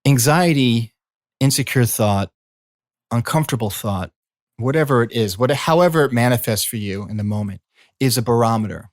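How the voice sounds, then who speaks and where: A middle-aged man, a coach and former healer, speaking in a slow, soothing reflective monologue. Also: medium pitch, expressive, no echo, studio quality. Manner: slow, soothing, drawn-out phrasing. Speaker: coach and former healing practitioner.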